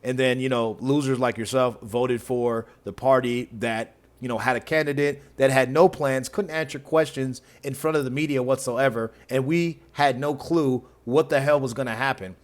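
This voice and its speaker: A man's voice: mid-range voice, fairly even intonation, normal speed, few pauses. A man hosting a reaction video who mocks the clips with sarcasm and frequent laughter. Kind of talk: reaction commentary.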